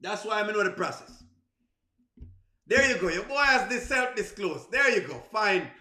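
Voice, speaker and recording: A man's voice: high-pitched, animated, moderate pace, bright, forceful tone, reverberant. A man with a Jamaican accent chatting casually on a livestream, answering viewers, laughing often and exclaiming to himself. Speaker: livestream host.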